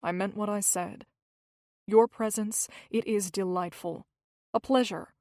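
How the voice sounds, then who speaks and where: Brief: an earnest young man, voiced by a woman reader, an audiobook figure who is quiet and sincere, with a slightly high tone. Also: expressive, normal speed, dry recording, studio quality, natural voice. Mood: tender. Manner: sincere and gentle.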